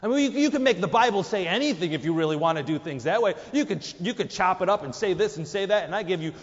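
A man's voice: high-pitched, lively intonation, quick pace, in a large hall, lo-fi sound. A man preaching a sermon, emphatic, his voice jumping up for quoted lines. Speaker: pastor.

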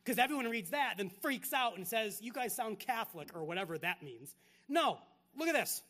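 High-voiced man preaching with lively swings. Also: normal speed. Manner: animated preaching with rhetorical questions, swinging from loud to hushed. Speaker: pastor. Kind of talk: sermon.

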